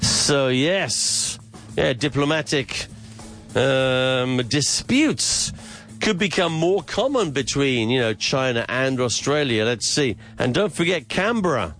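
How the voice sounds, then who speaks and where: Bright-voiced man reading mock news. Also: medium pitch, expressive, slow pace. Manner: reads formally, then explains in plain words. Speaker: host of a mock news segment. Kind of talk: news-style reading for learners.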